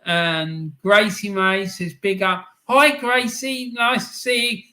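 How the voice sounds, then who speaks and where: Slow, chatty bloke hosting a stream. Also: male voice, high voice, steady tone, sharp tone. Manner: chatty, laughs often, lots of ums and "mate". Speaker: live-stream host. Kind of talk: casual live-stream chat reading comments.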